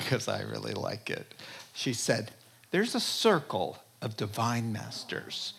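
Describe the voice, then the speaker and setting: A man preaching a sermon, emphatic and animated, laughing often and swinging between loud exclamations and near-whispers. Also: a little high, a little hiss or hum. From Jewish background. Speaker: pastor.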